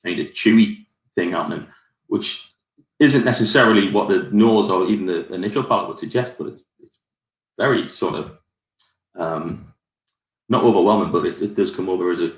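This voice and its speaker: Deep-voiced Geordie man tasting whisky. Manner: rambling, self-deprecating tasting notes with many fillers. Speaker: whisky society ambassador. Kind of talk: live whisky tasting chat. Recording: roomy echo.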